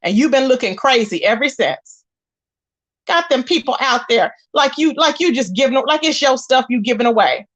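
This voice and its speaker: Sassy high-voiced woman spilling gossip. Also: lively intonation, moderate pace. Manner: sassy, emphatic, rhetorical questions to viewers. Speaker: commentary channel host. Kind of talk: casual gossip commentary.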